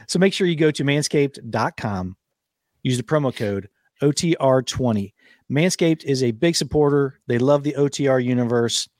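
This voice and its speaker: A man's voice: mid-range voice, moderate pace, a little mellow, no echo. Joking man on a dry studio mic. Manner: joking, laughs often, folksy. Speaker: podcast co-host. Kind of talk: casual chat with ad read. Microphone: studio microphone.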